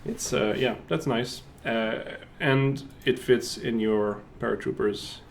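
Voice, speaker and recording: A man's voice: medium pitch, slow, creaky, slight background noise. A man with a French Canadian accent hosting a developer stream, joking and asking questions in a casual chat. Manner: joking, laughs often. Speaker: stream host.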